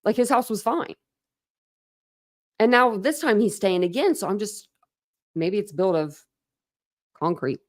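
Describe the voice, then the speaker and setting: A woman's voice: mid-range voice, lively intonation, unhurried, pauses often. A woman from Ohio hosting a casual livestream chat, talking in a chatty, rambling way with many fillers. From Ohio, USA. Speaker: livestream host.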